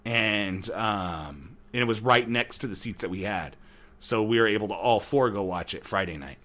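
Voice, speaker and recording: A man in his thirties co-hosting a podcast, chatting casually and telling long, animated stories with many restarts. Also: lowish voice, moderate pace. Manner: rambling, animated storytelling with frequent restarts. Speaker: podcast co-host. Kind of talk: casual chat.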